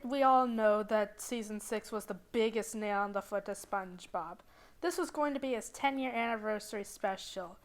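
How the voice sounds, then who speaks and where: A woman's voice: a little high, sharp tone. Snarky woman reviewing cartoons. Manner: snarky, sarcastic. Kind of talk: casual review narration.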